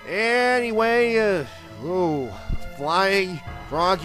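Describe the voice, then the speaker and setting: Slow, rambling male comic reviewer. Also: a little high, bright, forceful tone. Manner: rambling, full of uh and um fillers. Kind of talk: casual review narration. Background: background music.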